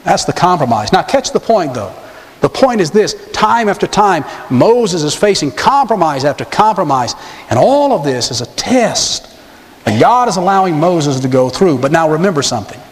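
Emphatic preacher with a soaring voice. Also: male voice, on the high side, sing-song, moderate pace. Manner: emphatic, rhetorical questions to the congregation. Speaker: pastor. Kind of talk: sermon. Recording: long hall reverb.

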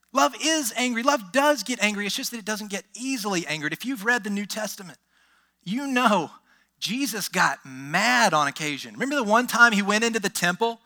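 A man preaching a sermon with a high, ringing, very bright voice. He drives his points home with emphasis, asks the congregation questions and breaks into quick exclamations. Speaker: pastor.

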